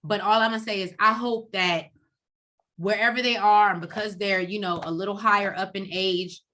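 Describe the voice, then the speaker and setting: A woman co-hosting a reality TV recap, talking in a blunt, profane, animated way and acting out quotes. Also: mid-range voice, normal speed. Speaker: co-host of a TV recap show. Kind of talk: casual reality TV recap chat.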